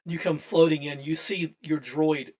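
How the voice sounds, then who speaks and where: Man, game master, tabletop narration, chatty, loose, slightly high voice. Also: steady tone, unhurried. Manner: chatty, loose, often laughing, many restarts.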